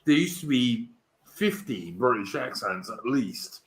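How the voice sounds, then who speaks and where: A man's voice: mid-range voice, lively intonation, unhurried, a bit bright. A man chatting bluntly on a live online stream. He gives firm opinions and calls people mate. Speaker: panelist on a live talk stream. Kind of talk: casual chat.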